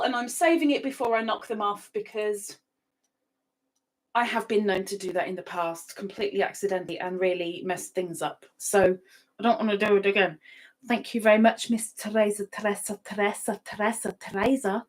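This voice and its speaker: A woman's voice: medium pitch, moderate pace, poor audio. A woman hosting a live stream from her home computer setup, chatting casually, often repeating herself and laughing. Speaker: livestream host.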